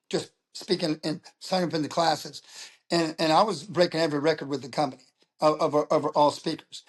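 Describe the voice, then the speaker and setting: A middle-aged man, a public speaker, talking as an interview guest and telling stories in a lively way. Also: on the high side. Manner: animated storyteller who acts out quoted voices. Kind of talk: casual interview talk.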